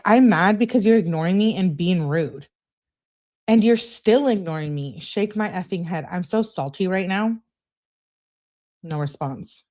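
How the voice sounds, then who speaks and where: A woman with a fairly low voice reads a run of text messages aloud for a true crime channel. She moves between reading the messages and her own emphatic, exasperated asides. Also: darkish tone.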